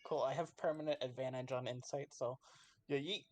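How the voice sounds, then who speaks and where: A man's voice: medium pitch, fairly even intonation, fairly quick, darkish tone, dry recording. A man playing a tabletop game, talking bluntly with lots of swearing and jokes. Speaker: player.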